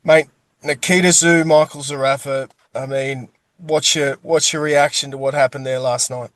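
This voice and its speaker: A man's voice: medium pitch, steady tone, moderate pace, a bit bright, no room sound. A man hosting an interview, asking hesitant, casual questions. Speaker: interviewer, host.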